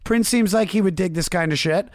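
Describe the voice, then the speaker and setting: A man's voice: high-pitched, fairly quick, no room sound, studio quality. A man hosting a podcast, asking rambling questions with eager, profane interjections. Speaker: podcast host. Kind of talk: casual interview chat.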